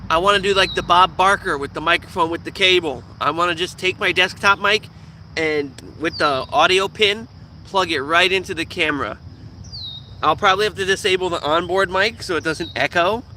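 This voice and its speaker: A young man with a nasal, squeaky voice, chatting casually and profanely to his live viewers. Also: bright, forceful tone, slight background noise. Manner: profane, joking, talks with teeth hidden. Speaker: vlogger streaming live. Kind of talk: casual rambling chat.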